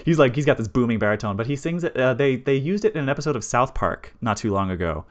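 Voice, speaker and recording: Man, game master, casual chat, rambling, halting, mid-pitched voice. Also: big pitch swings. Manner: rambling, lots of fillers and restarts. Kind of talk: casual pre-show chat.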